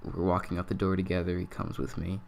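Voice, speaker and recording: A man's voice: deep voice, monotone, fast talker, vocal fry, a little mellow, a little hiss or hum. A young man telling a personal story in a casual, rambling vlog style, swearing freely and filling nearly every phrase with "like.". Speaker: vlogger.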